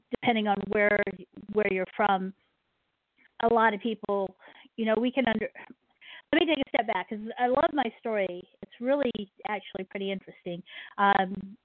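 A woman's voice: medium pitch, dry recording. Midwestern woman on a tinny line. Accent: Midwestern American. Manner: rambling, self-correcting storyteller. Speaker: radio host. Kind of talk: casual radio chat. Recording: tinny phone-line audio.

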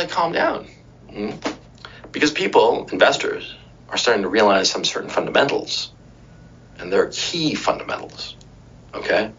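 A husky-voiced man rants through a political commentary monologue with a lively, swooping pitch. He swears freely and keeps checking in with his listener, and the sound is dull and lo-fi. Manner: profane, emphatic, rhetorical asides; checks in with "right?" and "okay?". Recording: dull lo-fi recording.

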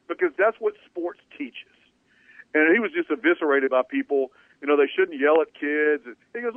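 A man's voice: a little high, moderate pace, no echo. A man hosting a sports talk radio show, talking emphatically and at length, restarting phrases as he builds his points. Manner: emphatic, opinionated, rambling with restarts. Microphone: studio radio mic. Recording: dry phone-like radio audio.

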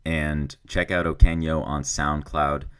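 A man's voice: rumbling low, flat delivery, a little slow, clean tone. A man hosting a podcast, talking in a rambling, self-deprecating, joking way. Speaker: podcast host. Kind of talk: casual podcast intro and interview. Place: office.

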